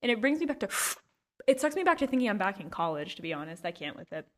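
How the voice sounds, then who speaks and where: A woman's voice: mid-range voice, big pitch swings, quick pace. A young woman hosting a podcast, rambling through a goofy, self-mocking comedic monologue. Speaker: podcast host.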